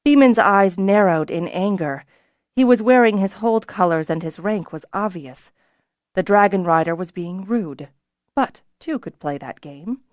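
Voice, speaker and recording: A woman's voice: animated, measured pace, a little mellow, no echo. Woman narrating a fantasy audiobook, dry close sound. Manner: voices characters with rises in pitch and volume. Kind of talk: scripted narration.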